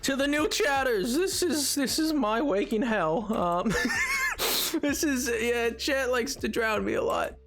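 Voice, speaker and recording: A man streaming a game live, chatting with his viewers in an excitable, playful, self-mocking way. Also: very high voice, slow, soft background music.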